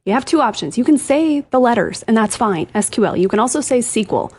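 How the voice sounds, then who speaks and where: Female co-host, husky and breathy, chatty and quick to laugh. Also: fairly high pitch. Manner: animated, giggly. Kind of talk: casual chat.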